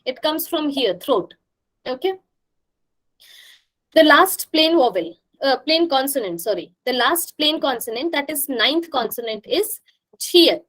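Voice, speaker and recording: High-voiced woman teaching pronunciation drills. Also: animated, unhurried, a bit bright, rough recording. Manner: patient, repetitive drilling, frequent "right?" checks. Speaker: language teacher. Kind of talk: live online class.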